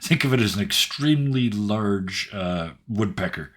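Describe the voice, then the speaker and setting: A laid-back man taking part in a tabletop role-playing game, joking and chuckling as he narrates his character's actions. His voice sits low and has a husky, slightly rough texture. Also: expressive, a little slow. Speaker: player. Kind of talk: casual role-play chat.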